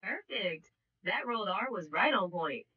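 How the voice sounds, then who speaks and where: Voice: medium pitch, big pitch swings, unhurried, muffled recording. Upbeat AI tutor voice, distant. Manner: upbeat, encouraging, patient teacher. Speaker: AI voice assistant co-host. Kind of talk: language tutoring chat.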